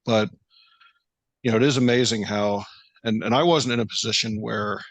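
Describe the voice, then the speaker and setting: A man's voice: fairly low pitch, fairly even intonation, normal speed, dry recording. A man hosting a podcast interview, talking hesitantly with many fillers. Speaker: podcast host.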